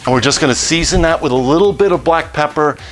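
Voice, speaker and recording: A man hosting a home cooking demonstration, talking through each step in a relaxed, jokey way with the odd pun. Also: fairly high pitch, quick pace, slight background noise. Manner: relaxed, jokey, cracks puns. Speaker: cooking show host.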